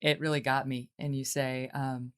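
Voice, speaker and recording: A woman's voice: a bass voice, flat delivery, moderate pace, smooth. A woman hosting an interview, asking conversational, emotionally engaged questions. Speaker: talk show host.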